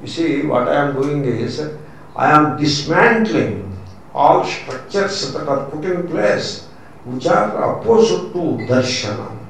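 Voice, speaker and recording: Teaching scripture in a lecture, a man with an Indian English accent, a swami, emphasizes ideas through repetition and Sanskrit vocabulary. He speaks slowly and expressively in a somewhat high, creaky voice, recorded from a distance in a very echoey room with faint background noise.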